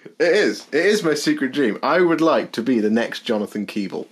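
A man's voice: medium pitch, animated, brisk. A man co-hosting a podcast in casual, rambling chat with lots of self-corrections. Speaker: podcast co-host.

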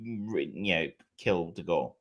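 A man's voice: sits low, animated, slow pace. A man co-hosting a film podcast, chatting casually with many fillers, restarts and the odd swear word. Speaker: podcast co-host. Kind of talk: casual film review chat.

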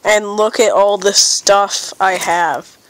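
A woman's voice: medium pitch, fairly even intonation, takes it slowly, slight background noise, low-quality recording. A young woman with a stuffy nose giving silly, rambling commentary while playing a game. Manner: silly, rambling, playfully dramatic. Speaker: gamer. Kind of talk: casual gameplay commentary.

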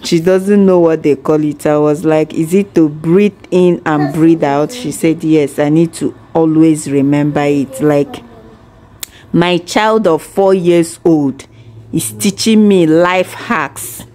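A young adult woman and mother chatting casually to camera about her daughter, talking slowly and tenderly, marveling and repeating herself. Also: deep voice, fairly even intonation, mellow.

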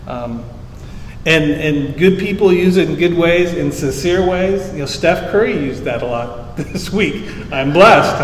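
A pastor preaches a sermon in a church sanctuary, teaching conversationally, explaining Hebrew terms simply and rising to emphasis when he quotes scripture. His voice is fairly high, with slight background noise and the echo of a church hall.

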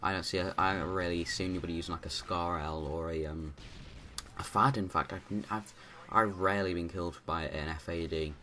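A man's voice: low-pitched, fairly even intonation, fairly quick, sharp tone, slight background noise. A man giving rambling, casual commentary over his own gameplay, full of restarts and fillers.

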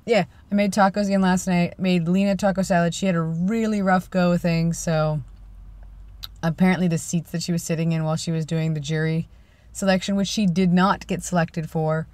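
A man's voice: high voice, fairly even intonation, fairly quick, a little mellow, dry recording. A young man in his twenties, vlogging casually in a rambling, self-deprecating way. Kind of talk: casual vlog chat.

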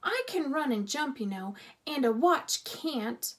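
A woman's voice: high-pitched, lively intonation, unhurried. A woman doing a bold little talking mouse. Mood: insistent. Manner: eager, indignant, insistent.

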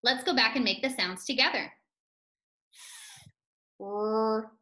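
A woman teacher giving a first-grade phonics lesson, speaking slowly and clearly in a sing-song way, leading chants for children. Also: on the high side, sharp tone. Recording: echoey room.

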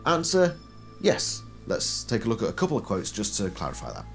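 Lively low-voiced man explaining. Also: fairly quick, vocal fry, soft background music. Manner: animated, poses rhetorical questions then answers them. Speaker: video essayist. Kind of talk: casual explanatory commentary.

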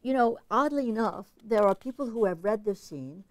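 A woman's voice: mid-range voice, expressive, moderate pace, no room sound. A woman giving an academic literature lecture in an analytical, conversational way, thinking aloud as she goes.

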